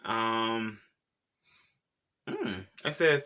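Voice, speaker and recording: A man's voice: mid-range voice, unhurried, pauses often, sharp tone. A man hosting a casual celebrity gossip vlog, sassy and slangy, talking straight to his viewers. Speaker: YouTube pop culture host.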